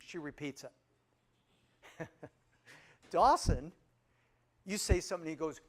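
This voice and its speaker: A man's voice: sits high, sing-song, moderate pace, pauses often. A man in his fifties, casually telling humorous family stories to a group and asking them questions. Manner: humorous, asks the audience questions. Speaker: speaker introducing himself to a group. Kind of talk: casual storytelling talk.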